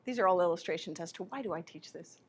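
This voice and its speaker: A spiritual teacher giving a live lecture, telling personal stories in an animated way and often correcting herself mid-sentence. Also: female voice, on the low side, slight background noise. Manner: animated anecdotes with self-corrections.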